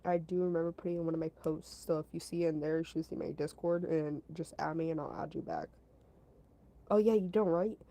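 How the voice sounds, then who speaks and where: Rambling, mellow-voiced woman telling a story. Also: low-pitched, a little fast, low-quality recording. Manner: rambling, filler-heavy, repeats herself, giggles; talks to her chat between story parts. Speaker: storytelling streamer. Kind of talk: casual storytime chat.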